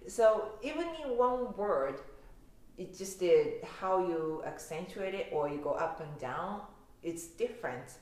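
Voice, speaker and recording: Woman from Osaka, Japanese accent, low-ish voice, casual teaching, very echoey room. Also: animated, measured pace, a little mellow. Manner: laughs often, demonstrates pronunciations. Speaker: language teacher. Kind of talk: casual language lesson.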